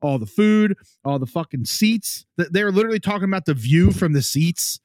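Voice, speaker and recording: Male podcast co-host, rambling profane game chatter, voice sits a bit high, dry room. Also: lively intonation, moderate pace, a little mellow, no room sound. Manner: profane, rambling, full of fillers. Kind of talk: casual chat while watching a game.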